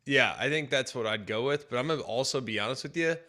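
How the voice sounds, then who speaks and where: Bright, eager male radio co-host. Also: medium pitch, fast. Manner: enthusiastic, filler-heavy. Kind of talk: casual morning radio chat. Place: radio studio.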